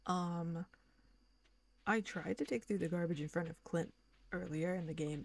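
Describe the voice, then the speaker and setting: A woman streaming a farming game, chatting casually and rambling with lots of filler words. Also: on the low side. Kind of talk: casual gaming commentary.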